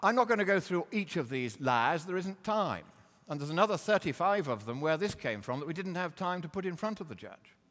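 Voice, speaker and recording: Man, lecture with slides, combative, mocking, fairly high voice, long hall reverb. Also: sing-song, fairly quick, a bit bright. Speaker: public speaker.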